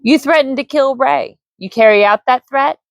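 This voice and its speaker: Woman voicing a blunt tired wizard, her own everyday voice, flat questions. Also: sits high, normal speed, creaky, no room sound, voice pushed up.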